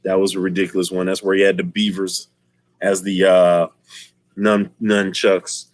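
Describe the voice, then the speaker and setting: A man streaming and chatting casually with his viewers, telling stories in an animated way and laughing often. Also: low voice, moderate pace, dry recording. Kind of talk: casual chat.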